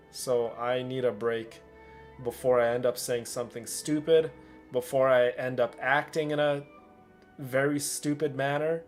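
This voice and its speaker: A man streaming, talking to his viewers in a heartfelt, stammering way, sounding worn out. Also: mid-range voice. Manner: stammering, heartfelt, repeats himself. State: tired. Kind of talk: emotional livestream chat with viewers.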